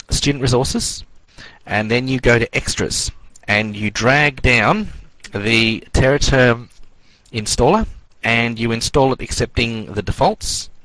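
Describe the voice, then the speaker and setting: A man teaching an online networking class in a relaxed, rambling way with many fillers. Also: mid-range voice, dry recording, low-quality recording. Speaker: networking course instructor.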